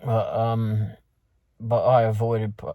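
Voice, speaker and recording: This man, a food delivery driver from London with a London accent, takes it slowly as he recounts his night of work. His lowish voice is warm and level, the audio has no echo, and his telling wanders with many fillers and restarts.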